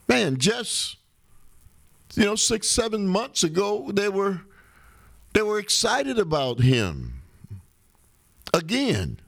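A man hosting a talk radio show, giving an unhurried, conversational political monologue with rhetorical questions. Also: sits high, gravelly, fairly bright tone, no room sound, clean studio sound.

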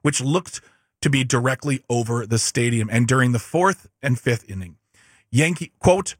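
A man's voice: mid-range voice, moderate pace, a bit bright, husky, dry recording, clean studio sound. A man co-hosting a podcast, reading news headlines aloud in casual chat and breaking off for joking asides and stumbles. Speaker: podcast co-host.

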